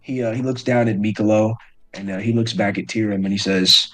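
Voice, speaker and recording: A man's voice: on the low side, steady tone, a little fast, fairly bright tone, soft background music. A man narrating as game master of a tabletop game, often restarting his phrases hesitantly.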